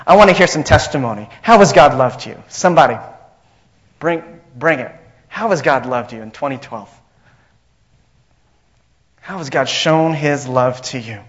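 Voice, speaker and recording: A man's voice: medium pitch, expressive, normal speed, long pauses, highs cut off. A man preaching a sermon as pastor, emphatic and repetitive, asking the congregation questions.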